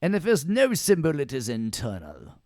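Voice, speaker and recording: A man's voice: on the high side, wildly swooping pitch, normal speed, darkish tone, dry recording, clean studio sound, voice pushed up. A man putting on a pompous British lecturer. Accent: put-on British.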